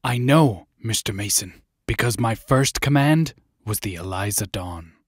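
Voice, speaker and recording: A stern haunted sea captain. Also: male voice, on the low side, animated, measured pace, husky, no echo, studio quality. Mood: grave. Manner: stern, commanding, old-fashioned seafaring speech. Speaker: ship captain. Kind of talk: audio drama acting.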